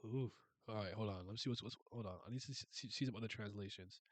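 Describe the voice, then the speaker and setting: Talking quickly in a voice on the low side, a man who hosts webcomic reactions rants in exasperation, exclaiming often and stumbling through restarts. There's no room sound.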